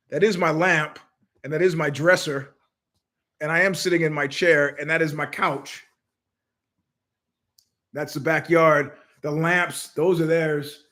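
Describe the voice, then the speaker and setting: Rambling man telling stories as host. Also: on the high side. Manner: storytelling, acts out quoted voices. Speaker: show host. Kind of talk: rambling monologue. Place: living room of his house.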